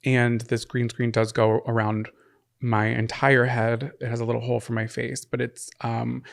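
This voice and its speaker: A man with a gravelly, fry-edged voice trades playful jokes as a podcast co-host. His pitch sits in an ordinary middle range, and he talks in a relaxed, casual way into a studio mic. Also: normal speed. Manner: joking, playful banter. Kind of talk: casual chat.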